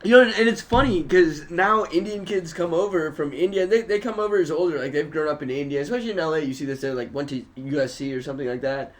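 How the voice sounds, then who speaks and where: High-voiced man telling animated stories. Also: fast talker, few pauses. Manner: animated storyteller, swears often. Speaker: guest comedian. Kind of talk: casual podcast chat. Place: podcast studio.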